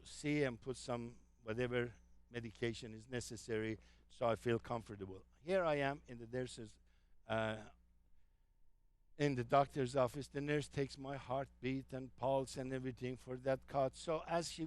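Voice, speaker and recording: A man's voice: mid-range voice, no echo. A man giving an enthusiastic travel talk to a live audience, telling anecdotes with frequent fillers. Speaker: travel presenter.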